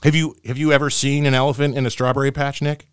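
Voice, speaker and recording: A middle-aged man co-hosting a casual podcast, telling dad jokes in a playful, animated way. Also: medium pitch, fast talker, clean tone, dry recording, studio quality. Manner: jokey, animated storyteller, acts out voices in jokes.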